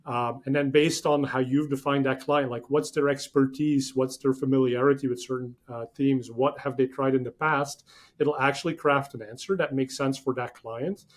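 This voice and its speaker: A man in a podcast interview talks through his ideas with eager, rambling energy. His pitch sits in a middle range, and he leans on fillers and quick restarts as his thoughts tumble out. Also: fairly even intonation. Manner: enthusiastic, rambling explanations with many fillers. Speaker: podcast guest. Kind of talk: conversational interview.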